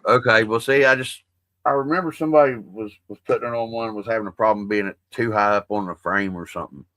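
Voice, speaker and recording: Bright-voiced man rambling casually. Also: on the low side, quick pace, no echo. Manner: rambling, profane, folksy. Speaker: livestream host. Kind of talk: casual livestream chat.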